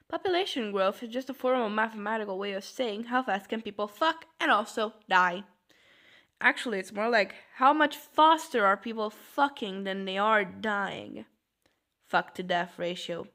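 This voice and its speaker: A woman reading social media posts aloud for comedy, swinging between deadpan mutters and loud outbursts. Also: mid-range voice, measured pace.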